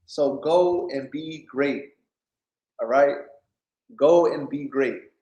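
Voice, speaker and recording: A man gives an unhurried, informal sermon in a slightly raised voice, checking in with "right?" after nearly every point. His speech stops and restarts as he builds his thoughts. The room around him is echoey. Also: fairly high pitch, mellow. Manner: keeps asking "right?", stops and restarts often. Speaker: preacher. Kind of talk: informal preaching on scripture.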